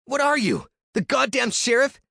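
A man voicing a brash, reckless young man who pushes, jeers and shouts. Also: extremely high pitch, sing-song, normal speed, breathy edge, no echo, clean studio sound, pitched above the performer's own voice, heavily acted. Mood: angry. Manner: pushy, jeering, shouting.

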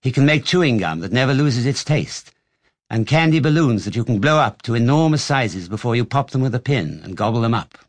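A man reading an audiobook and voicing a very old bedridden grandfather who tells stories in a low, confiding tone. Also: animated, brisk, no room sound, natural voice. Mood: marveling.

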